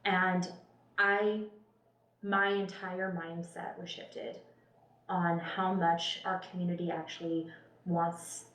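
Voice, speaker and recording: A woman's voice: lowish voice, flat delivery, slow pace, a bit bright. A woman, a policy expert guest, talking earnestly and chattily, with many fillers and restarts. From Spokane County, Washington, US. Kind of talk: casual panel conversation. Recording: roomy room, mic at a distance.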